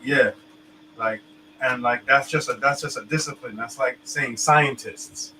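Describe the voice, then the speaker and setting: A man's voice: mid-range voice, a little slow, sharp tone, slight background noise, low-quality recording. A man talking in a loose, emphatic way, full of slang and restarts, as co-host of a casual discussion.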